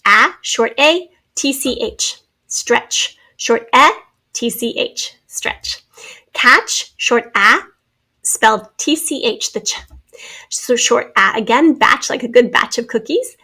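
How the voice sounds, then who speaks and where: Woman, phonics teacher, slightly high voice, stretches out each sound. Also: a bit bright. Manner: slow, careful sounding out of words. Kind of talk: spelling and phonics lesson. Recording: recorded lesson video.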